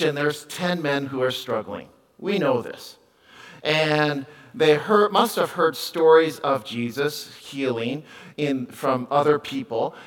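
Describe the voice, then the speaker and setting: A middle-aged man preaching a conversational sermon, moving between quiet asides and loud, emphatic calls. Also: a little high, rough recording. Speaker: pastor.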